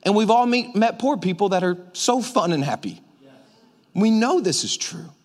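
A man's voice: high-pitched, lively intonation, normal speed. A man preaching a conversational sermon as pastor, emphatic and full of repetitions. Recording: long hall reverb.

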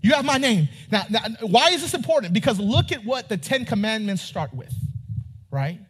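A man preaching a sermon, reading scripture and asking his congregation questions, rising at times to near-shouting. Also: high-pitched, sing-song, normal speed, slightly rough. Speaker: pastor.

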